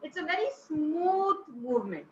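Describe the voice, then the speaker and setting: A woman's voice: extremely high pitch, big pitch swings, moderate pace, a bit bright, slight background noise. A woman teaching intonation to a class, encouraging and praising students as she goes. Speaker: speech trainer. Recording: roomy, dull-sounding recording.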